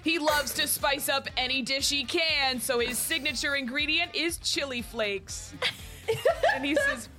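A woman player paints a scene in descriptive storytelling. Her voice is high and bright. Faint music runs in the background. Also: a little slow. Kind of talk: tabletop role-play narration.

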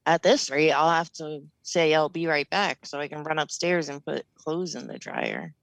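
Female podcast co-host, playful and profane, gravelly voice, dry sound. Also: low voice, big pitch swings, moderate pace, no echo. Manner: playful, cursing, chatty. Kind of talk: casual live-stream banter.

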